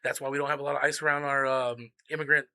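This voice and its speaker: A man's voice: medium pitch, little pitch movement, quick pace, pushed and bright, no echo. A middle-aged man co-hosting a casual podcast, rambling and profane, laughing often. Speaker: podcast co-host.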